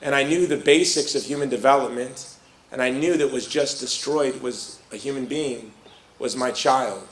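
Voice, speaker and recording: A man's voice: mid-range voice, normal speed, a little hiss or hum. Storytelling middle-aged man in a roomy hall. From Chicago. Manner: lively storyteller who acts out quoted voices. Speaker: speaker. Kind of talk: personal story told to a live audience.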